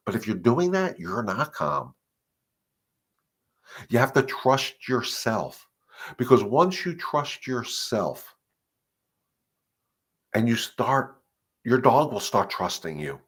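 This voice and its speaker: A man's voice: mid-range voice, very animated, fairly bright tone, husky. Earnest man coaching dog owners live. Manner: earnest and emphatic, repeating points, acting out dogs and owners in quick asides. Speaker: dog trainer hosting a live Q&A. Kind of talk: live-stream advice talk.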